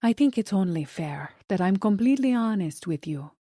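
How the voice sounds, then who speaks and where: A woman's voice: medium pitch, animated, moderate pace, warm tone, husky, no room sound, clean studio sound. A woman putting on a Colombian-accented glamorous woman. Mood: earnest.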